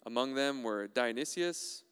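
A male pastor preaches with a smooth, resonant voice that rings out with a long hall reverb. His manner is animated and playful, and he keeps putting questions to his listeners. His pitch sits in a middle range for a man. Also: measured pace. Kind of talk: sermon.

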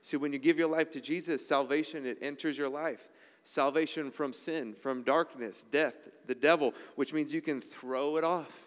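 A man's voice: a little high, steady tone, normal speed. Emphatic male pastor in a reverberant hall. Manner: emphatic, conversational preaching with frequent "all right?" asides. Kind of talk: sermon.

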